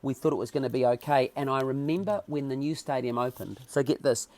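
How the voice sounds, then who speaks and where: A man with a New Zealand accent, a podcast guest telling stories in a casual interview with animated, emotional delivery. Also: mid-range voice, brisk, no echo.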